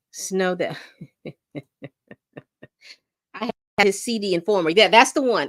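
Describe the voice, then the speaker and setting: A woman's voice: medium pitch, animated, moderate pace, pauses often, a bit bright, no room sound, studio quality. A middle-aged woman hosting a casual livestream, rambling and reading chat comments aloud. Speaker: livestream host.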